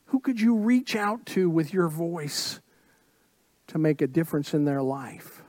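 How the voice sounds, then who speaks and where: Male pastor mid-sermon, high-ish voice, unhurried, emphatic refrains. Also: animated, no room sound. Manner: slow, emphatic preaching with repeated phrases and sudden soft drops.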